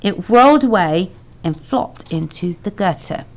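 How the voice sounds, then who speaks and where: Expressive woman reading a children's book. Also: medium pitch, unhurried, very noisy. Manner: expressive reading with lively voiced dialogue. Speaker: teacher reading to her class. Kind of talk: reading a children's novel aloud.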